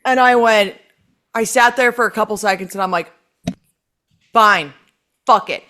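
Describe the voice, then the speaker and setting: A woman telling a story on a podcast, animated, acting out quotes and swearing freely. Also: medium pitch, unhurried. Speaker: podcast guest. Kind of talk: casual chat.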